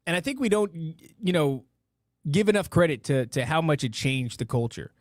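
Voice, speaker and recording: A man's voice: on the high side, expressive, normal speed, no room sound, studio quality. A man hosting a casual live stream, joking around with silly catchphrases and stumbling as he reads out donations. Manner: playful, jokey, with repeated silly catchphrases; stammers and restarts while reading amounts. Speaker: podcast host reading out donations.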